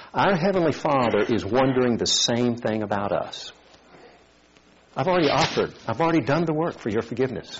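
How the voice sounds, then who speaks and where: A man preaching a sermon, telling a story and acting out its voices in an animated way. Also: medium pitch, brisk, muffled recording, background noise.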